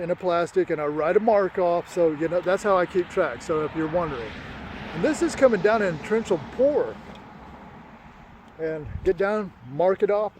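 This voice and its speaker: A man telling an emotional personal story in a casual, profane way, full of excited sound words like boom and bam. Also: a little hiss or hum.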